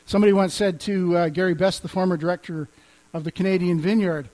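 A man's voice: high-pitched, steady tone, fast, darkish tone, rough recording. A man teaching as a pastor, speaking conversationally, quoting scripture and chuckling now and then. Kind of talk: teaching on healing and faith.

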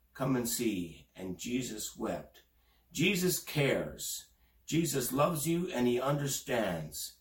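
Earnest male preacher in an echoey room. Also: far from the mic. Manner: earnest, reads scripture aloud and rises in pitch for emphasis. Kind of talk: sermon. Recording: roomy, from off the mic.

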